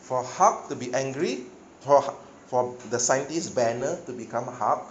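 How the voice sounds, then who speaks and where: A man's voice: mid-range voice, unhurried, muffled recording, a little hiss or hum. A male pastor giving a sermon, telling a story with animation and often checking in with his listeners. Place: church hall. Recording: echoey hall, faint ambience.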